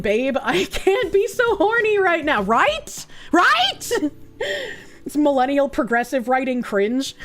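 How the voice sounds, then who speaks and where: A woman streamer giving blunt, profane, sarcastic commentary in casual chat. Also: very high voice.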